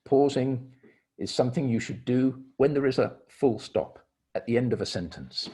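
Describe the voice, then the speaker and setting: A middle-aged man leading an online training seminar on communication, explaining step by step with deliberate pauses and stressed key words. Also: mid-range voice, dark tone, breathy edge.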